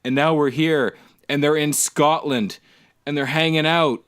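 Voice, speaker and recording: A man's voice: a little high, fairly even intonation, a little slow, fairly bright tone, smooth. A man co-hosting a casual podcast, ranting in an exasperated way with lots of fillers. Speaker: podcast co-host. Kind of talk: casual chat.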